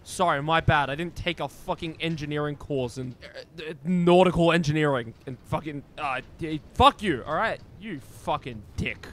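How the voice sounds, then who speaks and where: A young man streaming a game, joking, swearing and shouting excitedly as he plays. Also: a little high, normal speed, few pauses. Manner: loud, excitable, swears a lot, jokey. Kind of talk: gaming commentary.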